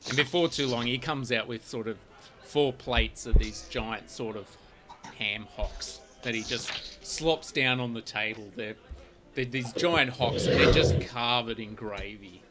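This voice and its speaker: A man's voice: mid-range voice, a little slow, music in the background. A man narrating as game master of a tabletop game, describing scenes with frequent restarts. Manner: descriptive, with many restarts and fillers.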